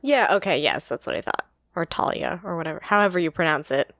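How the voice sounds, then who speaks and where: A woman co-hosting a podcast, chatting casually about a book, quick to laugh and often stopping to correct herself. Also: deep voice, expressive, fairly bright tone, no room sound, clean studio sound. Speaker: podcast co-host. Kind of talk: casual book-discussion chat.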